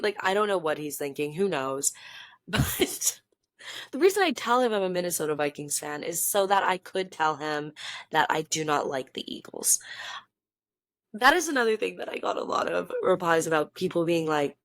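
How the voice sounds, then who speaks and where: A young woman with a low-pitched voice tells a story to camera in a casual vlog. She is chatty and animated, laughing often and correcting herself as she talks. The sound is dry and close, with no room echo. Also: moderate pace. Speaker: vlogger.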